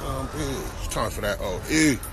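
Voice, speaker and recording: A man's voice: medium pitch, expressive, measured pace, over music, low-quality recording. A young man talking casually in slangy, repetitive banter while walking outdoors on a city street, recorded on a phone. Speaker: vlogger. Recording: street noise with passing traffic.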